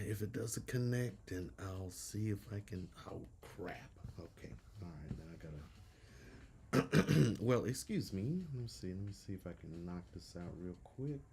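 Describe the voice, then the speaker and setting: A middle-aged man chats casually as he hosts a live art stream, his lowish voice soft and a little hoarse from a cold. He rambles along and keeps clearing his throat. A faint hiss sits under the desk-mic recording. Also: normal speed. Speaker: host of a live drawing stream.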